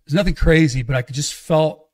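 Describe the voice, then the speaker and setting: A man's voice: on the high side, fairly quick. A middle-aged man sharing his life story in a loose, conversational way, often acting out what people said to him. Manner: loose, conversational, quotes others in dialogue. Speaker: podcast guest, evangelist. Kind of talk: casual testimony storytelling.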